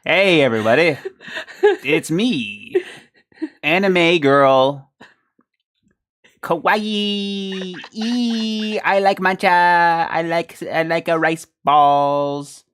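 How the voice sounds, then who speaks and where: A man's voice: on the high side, extremely slow, fairly bright tone, clear, resonant tone. A man voicing a cutesy young female anime girl, giggly and drawn out in his delivery.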